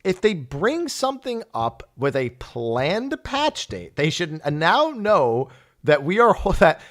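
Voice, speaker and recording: Lively man hosting a chat show. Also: fairly high pitch, slow. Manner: animated, laughs often. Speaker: podcast host. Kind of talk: casual chat.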